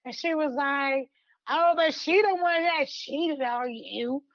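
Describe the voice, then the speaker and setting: High-voiced woman retelling a story animatedly. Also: takes it slowly, dry recording, lo-fi sound. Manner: animated storytelling in colloquial Southern US English, acts out lines. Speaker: podcast co-host reviewing a fan story. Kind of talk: casual retelling chat.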